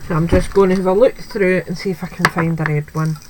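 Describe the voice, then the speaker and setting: A woman's voice: lowish voice, fairly even intonation, quick pace, noisy background. A woman chatting through a card-making tutorial, thinking aloud as she works and making light of her own slips. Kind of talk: craft tutorial, talking while working.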